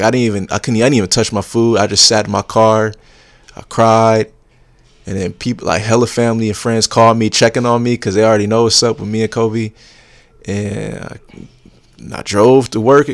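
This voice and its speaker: A young man with a fairly low voice chatting casually. His story runs on in plain sentences joined by "and then," and the sound is dry and close. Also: no echo. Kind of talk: casual chat.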